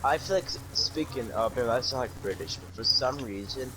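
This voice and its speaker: A man's voice: mid-range voice, moderate pace, background noise. A man chatting casually as a guest on a stream, talking hesitantly and trailing off. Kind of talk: casual chat.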